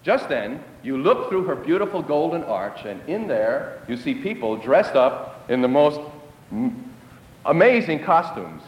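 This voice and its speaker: A man's voice: big pitch swings, unhurried, lo-fi sound. Dramatic preacher man in an echoey hall. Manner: dramatic, drops to hushed lows for emphasis. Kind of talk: sermon storytelling.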